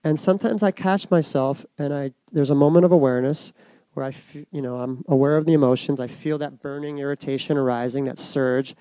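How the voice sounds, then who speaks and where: A middle-aged man giving a reflective personal talk to an audience, soft and unhurried with many pauses. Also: medium pitch, clear, resonant tone, dry recording. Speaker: speaker giving a dharma talk.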